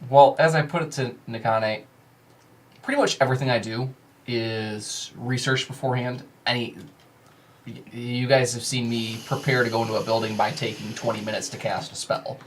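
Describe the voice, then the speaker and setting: A man plays his character in a tabletop role-playing game, speaking at a medium pitch. He rambles and hesitates, restarting his thoughts, and drops in casual swears. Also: fairly even intonation, moderate pace, a little hiss or hum. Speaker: player.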